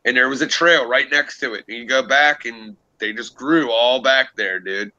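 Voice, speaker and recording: A young man hosting a livestream, telling a long story in a casual, profane, animated way. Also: mid-range voice, moderate pace, dry recording, highs cut off. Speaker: livestream host.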